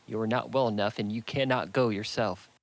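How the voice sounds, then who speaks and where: A man voicing a reserved gentleman from a classic novel in his own voice, with an earnest, solicitous reading. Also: fairly low pitch, steady tone, brisk, lightly acted, rough recording. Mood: concerned. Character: reserved proud gentleman, concerned. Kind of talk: audiobook character reading.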